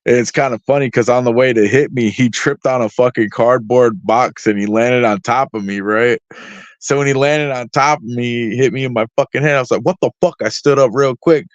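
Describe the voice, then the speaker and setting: Man, mid-pitched voice, casual storytelling, constant swearing, rambling, dry, dull lo-fi audio. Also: fairly even intonation, fairly quick, no echo. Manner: heavily profane, rambling with fillers. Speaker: guest artist. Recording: dry, slightly dull lo-fi sound.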